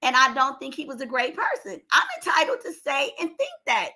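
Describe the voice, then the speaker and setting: A woman's voice: sits high, big pitch swings, fairly quick, pushed and bright. An older woman giving opinionated commentary, talking emphatically and with exasperation, her voice strained. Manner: emphatic, exasperated, rising to outbursts. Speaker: commentary vlogger.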